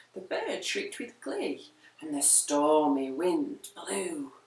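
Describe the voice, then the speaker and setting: A woman reads a rhyming picture book aloud, very slowly and with huge swoops of pitch. The room is echoey and she sits well back from the mic. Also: recorded from a distance. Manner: slow, very expressive rhymed reading. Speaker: storyteller.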